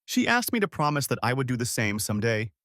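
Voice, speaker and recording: A man's voice: mid-range voice, very animated, quick pace, a bit bright, no room sound, studio quality. A man voicing Emma, a kind bakery woman. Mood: gentle. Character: kind young woman bakery owner, gentle.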